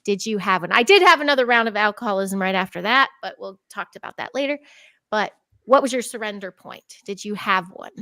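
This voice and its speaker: A woman openly sharing her own addiction and recovery story in a casual live talk show, animated and candid. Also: mid-range voice, brisk, no room sound. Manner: open, animated storytelling with laughs. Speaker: co-host.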